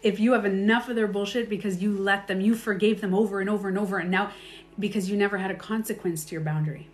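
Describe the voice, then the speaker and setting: A woman life coach giving candid, animated advice in casual talk, with her own stories and laughter. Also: mid-range voice, fast, soft background music.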